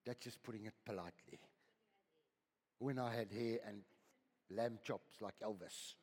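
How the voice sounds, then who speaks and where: An older man preaching a sermon as pastor, swinging from loud, high exhortation to hushed whispers and repeating his words. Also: steady tone, measured pace, slightly rough. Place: church hall. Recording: long hall reverb.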